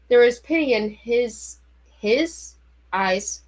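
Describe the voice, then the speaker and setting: Expressive woman reading aloud. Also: on the high side, slow pace, poor audio. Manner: expressive reading with startled, anxious turns. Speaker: reader. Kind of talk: audiobook reading of a novel.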